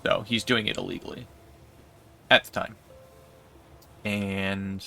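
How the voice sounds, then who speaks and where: Male streamer, low and gravelly, bright edge, rambling casual storyteller. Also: fairly even intonation, faint music behind. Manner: rambling, filler-heavy, unhurried. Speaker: livestreamer. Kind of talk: casual storytelling while gaming.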